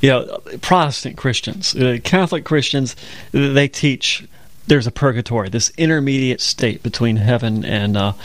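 A man's voice: medium pitch, normal speed, dry recording. A man co-hosting a Bible program, telling stories and explaining scripture step by step in conversational teaching.

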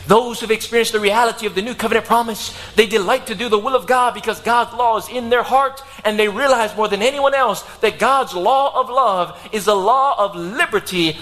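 A man preaching a sermon, emphatic, swinging his pitch and pace for effect. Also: fairly bright tone. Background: music.

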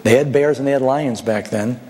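A man's voice: medium pitch, brisk, warm tone. A man preaching a sermon, telling stories and asking the congregation rhetorical questions.

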